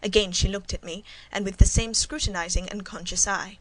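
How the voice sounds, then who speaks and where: A woman narrates a classic novel in the first person with an even, measured delivery. Her voice sits at a middle pitch for a woman. It has the steady pacing of a scripted audiobook. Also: a little hiss or hum, rough recording.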